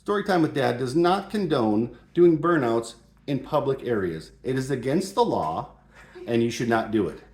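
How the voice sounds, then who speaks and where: A man's voice: medium pitch, expressive, normal speed, darkish tone. Playful mock-serious man in an echoey room. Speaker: host. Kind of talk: joking advice talk. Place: home shop or garage. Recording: roomy echo.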